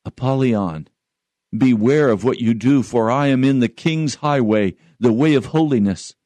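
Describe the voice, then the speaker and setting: A man's voice: mid-range voice, a little slow, mellow, no room sound, close to an everyday voice. A man voicing a steadfast male pilgrim who firmly warns his enemy, read aloud from a storybook. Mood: warning.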